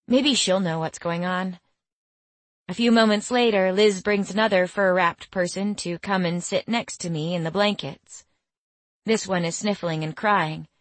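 A young woman reads a first-person story with measured, quietly bemused delivery. Her pace is very slow and her pitch sits a little low. The recording is dry and close, like a studio booth. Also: no echo. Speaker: audiobook narrator. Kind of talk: first-person scripted narration.

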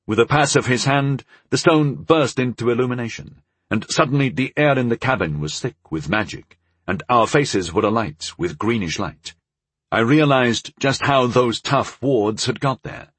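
A man narrating a first-person fantasy audiobook in an expressive storytelling manner with a husky voice. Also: medium pitch, normal speed, dry recording.

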